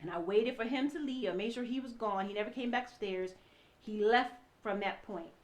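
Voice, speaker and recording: A woman's voice: medium pitch, normal speed. A woman in her thirties giving an earnest personal testimony, speaking directly to her listeners and often repeating herself as she recounts events. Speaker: ex-wife telling her story.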